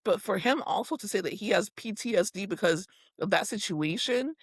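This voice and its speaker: Woman cohosting a podcast, animated, lots of laughing and swearing, mid-pitch voice, dry close mic. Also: a little fast, husky, dry recording. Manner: animated, laughing, swears freely, acts out quotes. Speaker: podcast co-host. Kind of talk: casual chat recapping reality TV.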